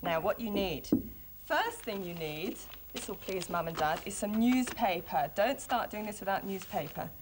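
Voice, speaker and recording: Expressive woman reading to children. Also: medium pitch, moderate pace, noisy background. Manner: expressive, friendly storytelling. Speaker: children's TV presenter. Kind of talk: storybook reading and craft demonstration for children.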